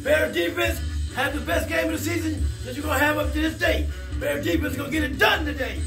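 A man shouting and chanting a hype video as a sports fan vlogger, laughing often. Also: very high voice, steady tone, brisk, far from the mic. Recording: echoey room, off mic, loud music. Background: loud music.

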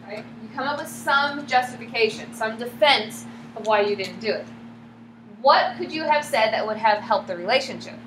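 A woman's voice: fairly high pitch, moderate pace, long pauses. Woman lecturing in an echoey classroom. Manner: lively, asks the class questions. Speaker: psychology lecturer. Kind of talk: classroom lecture with acted examples. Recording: echoey classroom with background hum.

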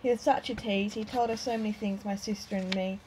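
A woman voicing a gentle old lady telling a half-remembered tale by the fire, soft and hesitant, a storybook reading at an ordinary pitch. Her wistful, reminiscing manner stays steady, with a faint hum of ambience behind. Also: a little fast, lightly acted, poor audio.

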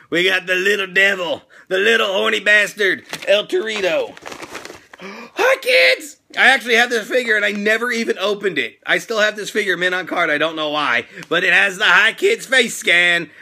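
A middle-aged man hosts an energetic toy unboxing, loud and excitable, with crude jokes and sudden squeals. His voice sits high for a man and swings up and down a lot. The tone is bright and sharp. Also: slight background noise. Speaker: toy channel host. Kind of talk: energetic fan mail unboxing.

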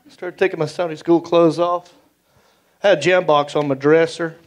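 A middle-aged man with a Southern US accent telling animated stand-up stories on stage, acting out the voices he quotes. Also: fairly high pitch, moderate pace. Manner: animated, acts out voices, drawling. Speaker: stand-up comedian. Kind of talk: stand-up storytelling. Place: comedy stage. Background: audience laughter.

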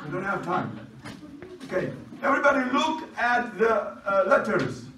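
A man teaching a language class, brisk and commanding, who repeats his instructions. His first language is Chaldean Aramaic. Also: high-pitched, very animated, a crowd in the background. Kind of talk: classroom lecture. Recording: roomy, distant classroom recording.

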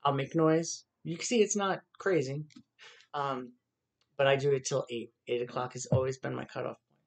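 A man talking casually after playing guitar at home in his city apartment, rambling quickly and quietly with lots of fillers. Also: medium pitch, fairly even intonation, gravelly. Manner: rambling, quick, soft-spoken talk with fillers. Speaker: singer-songwriter and YouTuber. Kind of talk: casual spoken aside after a guitar performance.

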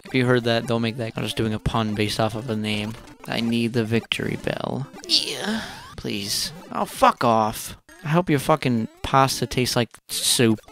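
A man's voice: on the low side, a bit bright. A man casually commenting on his own gameplay, muttering and swearing in frustration with sudden outbursts. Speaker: gaming channel host.

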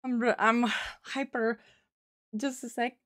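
A young woman with a high voice gives live commentary while streaming a game. Her talk is slow and drawn out, and she is emotional, with frequent pleading, exclaiming and swearing. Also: flat delivery, a bit bright, no room sound, studio quality.

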